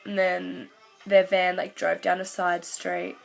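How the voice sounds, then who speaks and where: A woman's voice: on the low side, completely flat delivery, vocal fry, soft background music, low-quality recording. A woman, telling a fan story in casual vlog chat, gushing along with lots of "like" fillers. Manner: gushing, fast-flowing recount full of "like" fillers. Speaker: vlogger.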